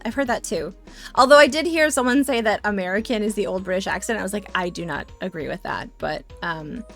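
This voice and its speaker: A woman's voice: mid-range voice, fairly bright tone. A woman streamer chatting casually and playfully, rambling with sarcastic asides, at a home desk microphone. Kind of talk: casual live-stream chat.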